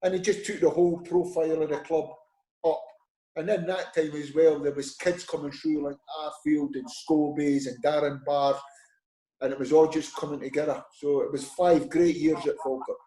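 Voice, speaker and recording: A middle-aged Scottish man spins lively anecdotes, slipping into the voices of people he quotes. His voice sits a little high but sounds dark and mellow. The room around him lends a noticeable echo. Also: moderate pace, a little hiss or hum. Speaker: former football manager, guest. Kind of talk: conversational storytelling. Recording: roomy echo.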